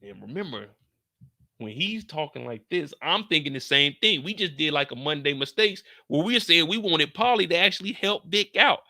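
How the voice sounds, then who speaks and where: Sharp-voiced man joking through a TV recap. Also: on the high side, expressive, moderate pace, dry recording, studio quality. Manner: profane, joking, addresses viewers directly. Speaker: TV show recap host. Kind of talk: casual episode recap commentary.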